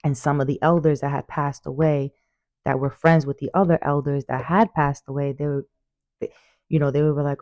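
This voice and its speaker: A woman talking casually to her viewers about spirits, animated and emphatic, repeating phrases and calling listeners "baby". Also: sits low, normal speed, no echo, muffled recording. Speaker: spiritual vlogger. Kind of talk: casual storytelling monologue. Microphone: phone.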